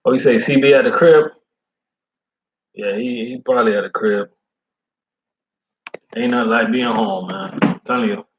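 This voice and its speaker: Slangy, animated delivery driver man. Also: mid-range voice, normal speed, long pauses, highs cut off, a little hiss or hum. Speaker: food service delivery driver. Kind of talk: casual chat.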